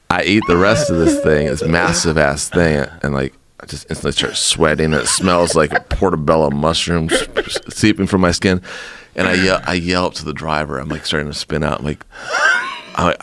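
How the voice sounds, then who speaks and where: Deep-voiced man telling a story. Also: normal speed, slight background noise. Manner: animated, laughing storyteller. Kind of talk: casual storytelling.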